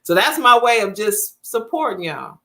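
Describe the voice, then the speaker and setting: A woman's voice: a little high, big pitch swings, normal speed, bright, forceful tone. A woman, chatting casually with viewers as host of her livestream. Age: 50s. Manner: chatty, talks straight to viewers.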